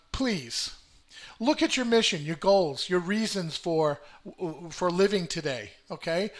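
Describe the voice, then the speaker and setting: An older man hosting a casual motivational video to camera, full of fillers and repeated words, swinging between peppy and deliberately flat. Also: sits high. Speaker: self-help video host.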